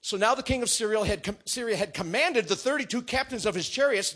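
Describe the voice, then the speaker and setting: Animated, high-voiced man preaching a story. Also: fast, breathy edge. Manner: acts out characters with shouts and whispers.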